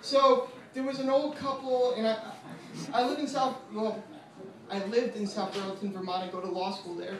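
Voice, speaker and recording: High-voiced young man doing stand-up. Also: steady tone, normal speed. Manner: casual, profane, self-deprecating delivery with many fillers. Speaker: stand-up comedian, law student. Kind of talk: open-mic stand-up comedy. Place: small comedy venue with live audience. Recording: echoey room from far off, noisy.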